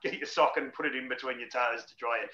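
A man's voice: medium pitch, steady tone, quick pace, bright, forceful tone. A man in his forties, a former rugby league player, telling frank, jokey stories in a casual interview. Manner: blokey, frank and jokey, laughs through anecdotes. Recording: roomy, slightly dull audio.

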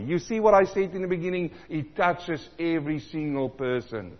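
A man from South Africa preaching a sermon, animated, repeating lines for emphasis and acting out the voices he quotes. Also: a little high, normal speed. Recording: dull sound in a large reverberant hall.

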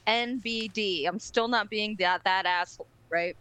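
A woman co-hosting a podcast, telling a story in a casual, animated and profane way and acting out other people's voices. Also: mid-range voice, measured pace, clear, resonant tone, low-quality recording. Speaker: podcast co-host.

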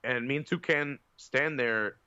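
A man's voice: mid-range voice, a little slow, sharp tone, clean tone, no echo, highs cut off. A man on a podcast telling a long, profane, rambling story in casual chat, with lots of fillers. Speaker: podcast co-host.

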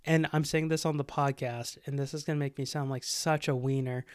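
A young man co-hosting a podcast, swapping stories in easy casual chat. He throws himself into quoted lines. His voice is smooth and clear, and the sound is dry with no room echo. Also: medium pitch, brisk. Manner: animated storyteller, acts out quotes. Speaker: podcast co-host.

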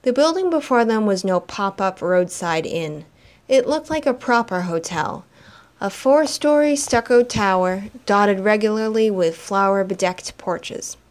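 A woman narrating a story in an expressive, dramatic reading style. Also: mid-range voice, measured pace.

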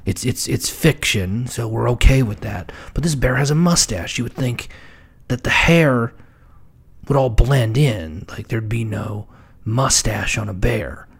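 A man's voice: medium pitch, measured pace, creaky, slightly rough. A man giving comedic commentary on a children's book, often stammering and repeating words and dropping into whispered asides. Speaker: book reviewer.

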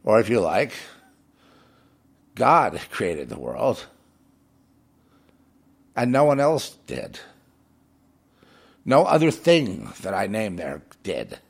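A man's voice: lowish voice, wildly swooping pitch, slow pace, vocal fry, long pauses, breathy edge. A man preaching on air in a fervent, scornful monologue, hammering points home by repeating phrases. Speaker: radio preacher.

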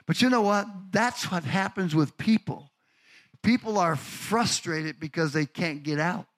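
An older man, a pastor, preaching a lively sermon, asking the congregation questions and acting out stories. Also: high-pitched, measured pace. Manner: animated, asks the congregation questions, acts out stories.

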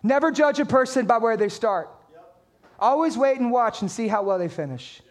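A man's voice: extremely high pitch, lively intonation, moderate pace. A man preaching a sermon as a pastor, talking straight to his congregation with emphatic points and playful jokes.

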